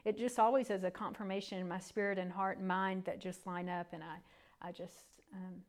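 A woman, the pastor's wife, speaking softly and hesitantly as she shares her experience during a sermon. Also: lowish voice, flat delivery, moderate pace. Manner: soft-spoken, hesitant with fillers. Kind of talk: sharing in a sermon.

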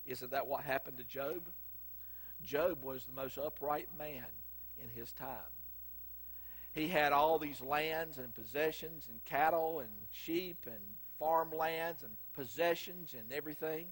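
A man's voice: on the high side, unhurried. A middle-aged man with a Southern US accent preaching a sermon, telling folksy stories with sudden emphatic bursts. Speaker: pastor.

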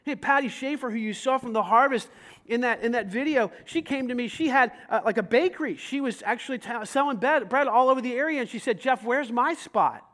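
A man preaching a sermon as pastor, telling stories with lively acted-out dialogue and rising to loud emphasis. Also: extremely high pitch, brisk. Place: church sanctuary.

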